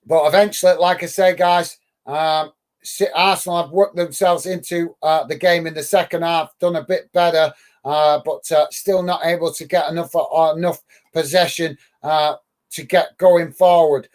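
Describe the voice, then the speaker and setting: A man with a high voice hosts a live football watch-along from the UK. He talks through the play and chats with viewers, calling them mate. His speech is full of uh and um. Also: steady tone, moderate pace. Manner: friendly, many "uh" fillers, calls viewers "mate". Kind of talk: live match commentary and chat reading.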